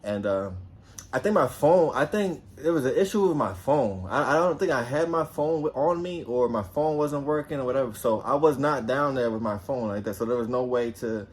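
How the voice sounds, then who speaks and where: Speaking at a moderate pace in a mid-range voice, this young man from New Jersey relates a personal story casually and with energy. He swears liberally and performs quotes in a raised voice.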